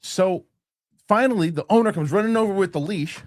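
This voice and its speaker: A show host in his forties rants casually through a heated story, swearing and acting out the people in it with animated energy. His voice is high-pitched and quick, captured in studio quality with no echo.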